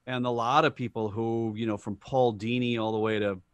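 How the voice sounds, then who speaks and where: A man's voice: mid-range voice, steady tone, brisk, clear, resonant tone, no room sound, lo-fi sound. A middle-aged man, a voice actor guest, chatting animatedly in an interview and retelling anecdotes with quoted voices. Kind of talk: casual interview storytelling.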